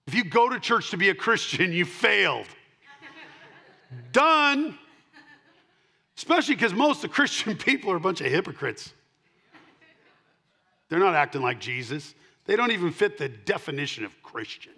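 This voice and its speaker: A man preaching a sermon, his voice sitting a little higher than most men's. He moves from loud, punchy declarations to soft, low asides and repeats his key lines to drive them home. He sounds middle-aged and speaks as a pastor to his congregation. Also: big pitch swings, normal speed, creaky, pauses often, slightly rough. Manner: emphatic, swinging between loud punches and quiet asides.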